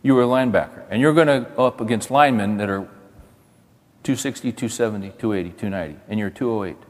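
A man's voice: on the low side, fast talker. Folksy man preaching in a big hall. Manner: folksy, repetitive, chatting with the audience. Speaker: speaker at a men's event. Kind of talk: sermon-style talk. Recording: hall reverb.

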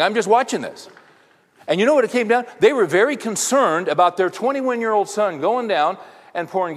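Middle-aged male speaker, fairly high pitch, chatty storytelling sermon to men, recorded in a reverberant hall. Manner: rambling anecdotes with rhetorical questions to the audience. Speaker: speaker addressing a men's audience.

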